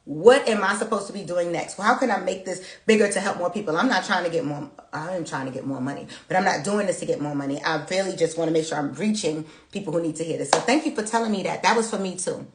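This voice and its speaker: A chatty woman reads tarot live and talks in an emotional, prayerful manner. Her voice sits fairly low. It rings in a roomy space with clear echo. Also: fast, few pauses. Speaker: tarot reader. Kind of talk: live tarot reading with chat replies.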